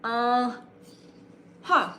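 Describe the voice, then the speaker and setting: A woman streamer with a slightly high, broadcaster-like voice rambles through a casual late-night chat. She greets her viewers by name. Her voice bounces around an echoey room. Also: very slow, sharp tone, slight background noise. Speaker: live streamer.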